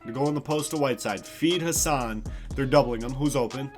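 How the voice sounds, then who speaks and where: A young man giving excited play-by-play commentary over a basketball video game, hyping big plays, sometimes yelling and casually swearing. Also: medium pitch, brisk, faint music behind. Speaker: gaming YouTuber.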